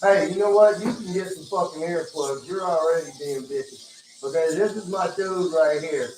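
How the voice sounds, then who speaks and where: A man's voice: on the high side, normal speed, a little mellow, a little hiss or hum. A man hosting a casual livestream, joking, cursing and reading out viewer comments. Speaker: livestream host. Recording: echoey room, mic far off, music behind.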